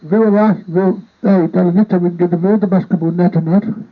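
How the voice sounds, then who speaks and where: A man's voice: high-pitched, steady tone, fast. A man chatting in a playful, repetitive way while making a casual vlog, holding a handheld microphone and talking to a partner off camera. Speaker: vlogger. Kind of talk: casual rambling vlog chat. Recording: tinny phone-like sound.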